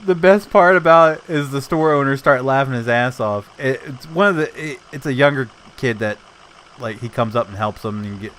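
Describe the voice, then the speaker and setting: A man's voice: mid-range voice, normal speed, fairly bright tone, slight background noise. Man streamer telling rambling stories. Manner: rambling anecdotes, laughs often; swears casually. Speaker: gaming streamer. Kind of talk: casual chat while streaming a game.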